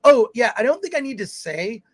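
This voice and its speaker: His voice is extremely high and sing-song, a little fast, and dryly recorded. He's a podcast co-host on a live film talk show, chatting casually, meandering through his points with many restarts, and reading viewer comments aloud.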